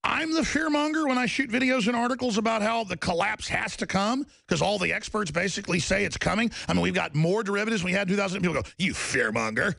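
A man's voice: sits high, quick pace, creaky, few pauses, a bit bright, dry recording, studio quality. A man hosting a talk radio show, ranting in a mocking, sarcastic, heated monologue.

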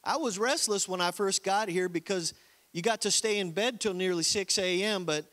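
A man's voice: high voice, moderate pace, fairly bright tone. A man doing a naive Southern country-boy recruit. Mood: folksy. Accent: American Southern (put on). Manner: folksy drawl, reading a letter aloud. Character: young male country-boy Marine recruit, cheerful and naive. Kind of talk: comic letter reading in a sermon.

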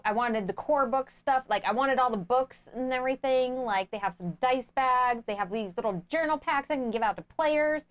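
A woman's voice: a little high, clear, resonant tone. A woman co-hosting a crowdfunding review show, chatting casually and eagerly about games. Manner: enthusiastic and excitable. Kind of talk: casual chat.

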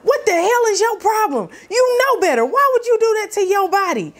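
A woman voicing her angry father as he scolds and yells at his daughter. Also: extremely high pitch, sing-song, normal speed, voice pushed up. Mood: furious. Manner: shouting, scolding, cursing. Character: furious scolding father, yelling.

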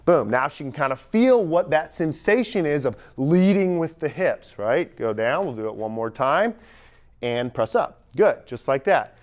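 A young man coaching lifters on a gym platform, energetic and talking straight to the group, recorded on a camera mic as he moves around. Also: fairly high pitch, measured pace. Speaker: strength coach. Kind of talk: live coaching demonstration. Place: gym platform at a lifting camp.

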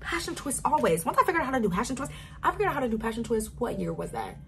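A woman's voice: a little high, big pitch swings, very fast, gravelly, fairly bright tone, a little hiss or hum. An eighteen-year-old woman chatting casually in a get-to-know-me vlog, bubbly and wandering off on tangents. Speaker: vlogger.

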